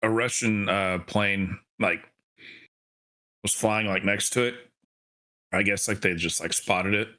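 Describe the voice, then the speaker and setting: A man with a low but bright, forceful voice talks eagerly on a casual podcast among friends. His sentences are full of "like"s as he builds up his story. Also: fairly even intonation, unhurried, long pauses. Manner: enthusiastic, says "like" a lot. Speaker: podcast co-host.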